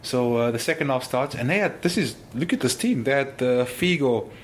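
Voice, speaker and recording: A man, a former footballer, telling stories in an interview, animated and full of exclamations. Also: mid-range voice, a little fast, slight background noise. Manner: animated, exclaims often, restarts sentences. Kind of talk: casual interview storytelling.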